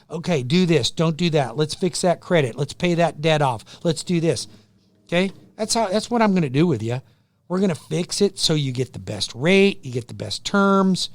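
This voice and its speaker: Hoarse, loud radio host pitching mortgages. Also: male voice, no echo, clean studio sound. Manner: loud, pushy, joking, self-deprecating. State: getting hoarse from yelling. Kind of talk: energetic radio sales pitch. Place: radio studio.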